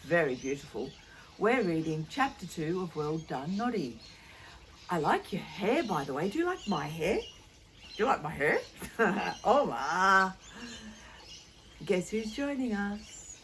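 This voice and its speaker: Older aussie lady reading a kids book, slow and singsongy, chatty little asides. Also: fairly low pitch, very animated, fairly bright tone, a little hiss or hum. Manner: chatty, playful asides to the listener. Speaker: storyteller. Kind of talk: children's read-aloud.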